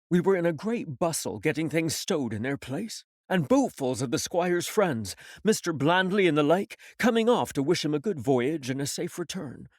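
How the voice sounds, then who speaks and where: A man reading an audiobook in a measured storytelling manner. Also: on the high side, darkish tone, no room sound, clean studio sound. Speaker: audiobook reader. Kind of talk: audiobook narration.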